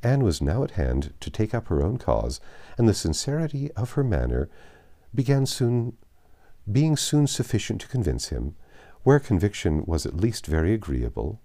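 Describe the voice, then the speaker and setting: A man narrating a classic novel aloud in a measured, expressive reading. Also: on the low side.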